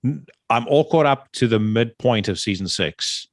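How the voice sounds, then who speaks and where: A man's voice: mid-range voice, animated, normal speed, no echo, studio quality. A man hosting a podcast, chatting casually, swearing freely and tripping over repeated words. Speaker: podcast host.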